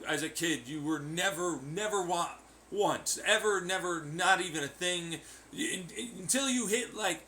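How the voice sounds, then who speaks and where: A man's voice: fairly high pitch, bright, forceful tone, slight background noise. A man delivering a profane, sarcastic vlog rant, mocking the people he talks about in imitation voices. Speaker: vlogger. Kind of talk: ranting vlog commentary.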